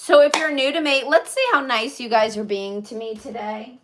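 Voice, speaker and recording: A woman's voice: a little high, steady tone, normal speed, background noise. A woman live streaming in casual chat, reading viewer comments aloud and answering them in a chatty way.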